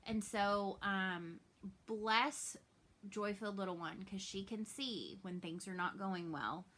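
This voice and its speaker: Speaking slowly in a mid-range voice, a Southern American woman in her thirties vlogs about cross stitch from home, chatting openly to camera and letting her words fade softly when she's sad.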